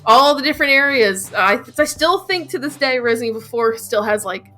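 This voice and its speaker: Bright-voiced woman in casual chat. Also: on the high side, a little fast, faint music behind. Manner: candid, chatty, swears casually. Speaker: podcast co-host. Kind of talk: casual chat about video games.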